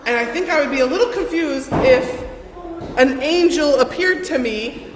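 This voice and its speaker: A woman's voice: sits high, moderate pace. Woman preaching in an echoey hall. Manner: conversational, playfully acts out the Bible figures. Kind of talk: sermon. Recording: echoey hall with long reverb and faint noise.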